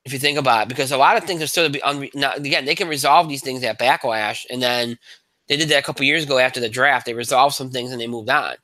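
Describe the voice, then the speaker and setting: A man's voice: medium pitch, fast, sharp tone, no echo, rough recording. A man hosting a podcast in casual chat, rambling with fillers and restarts. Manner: plain conversational, rambling with fillers. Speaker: podcast host.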